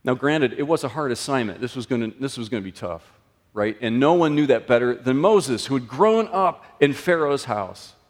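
A man preaching a sermon in a conversational way, his voice often rising and then dropping low and soft. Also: expressive, normal speed. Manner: conversational, with sudden lifts and drops in pitch and loudness. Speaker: pastor. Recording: long reverb of a large room.

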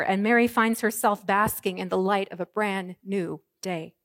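A woman pastor preaching an Easter sermon, moving from hushed, soft lines to ringing proclamations. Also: medium pitch, steady tone, normal speed, few pauses, no room sound, clean studio sound.

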